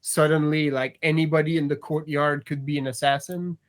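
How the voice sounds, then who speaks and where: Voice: mid-range voice, flat delivery. A game master narrating a tabletop role-playing game, hesitant and full of fillers. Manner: slow, hesitant, many fillers and laughs.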